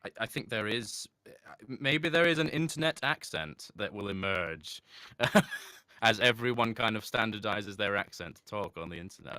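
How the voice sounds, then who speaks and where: A man's voice: lowish voice, pushed and bright, smooth, no echo, studio quality. A man being interviewed in casual chat, talking thoughtfully with many restarts and light laughs. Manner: halting, thoughtful, with frequent restarts. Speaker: interview guest.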